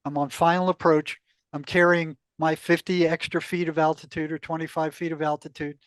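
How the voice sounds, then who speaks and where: High-voiced older man telling a story. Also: fairly quick, dry recording. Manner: animated storyteller, acts out quoted exchanges, laughs often. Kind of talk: casual storytelling interview.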